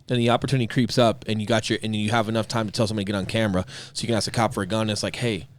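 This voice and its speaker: A man with a fairly low voice hosts a casual podcast chat at a quick clip. He jokes and ribs his guest irreverently. He moves between banter and reflective comments. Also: level tone. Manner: joking, irreverent, quick to laugh along. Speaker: podcast host.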